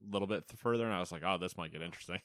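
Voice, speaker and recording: Racing through a list of gaming news, a podcast co-host jokes and laughs in casual chat. His voice sits low and a bit bright, recorded without echo.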